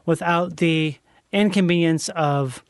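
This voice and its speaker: A man's voice: on the high side, dry recording. A man hosting a podcast, teasing and riffing in casual chat. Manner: teasing, jokey, quick to riff. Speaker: podcast host.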